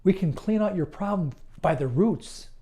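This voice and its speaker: Speaking directly to the listener, this certified hypnotist's slow, earnest promo is calm, deliberate and reassuring. His tone is mellow and warm, never sharp, though pitched slightly high for a man, with long gaps between phrases.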